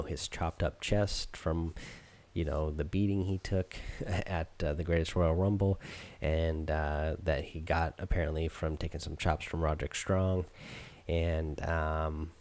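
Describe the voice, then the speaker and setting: A man's voice: rumbling low, darkish tone. A man hosting a podcast, recapping a show in a loose, rambling way full of ums and uhs. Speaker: podcast host.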